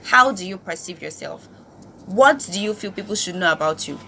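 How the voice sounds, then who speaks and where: Woman host from Nigeria, bright tone, emphatic and preachy, asks the audience questions. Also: mid-range voice, lively intonation, normal speed, creaky, a little hiss or hum. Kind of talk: motivational vlog talk.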